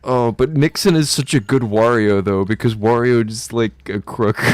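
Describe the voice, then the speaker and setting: A man's voice: medium pitch, unhurried, a little mellow, no echo. A man chatting casually on a live stream while playing a game, rambling and joking with frequent stammered restarts and laughter.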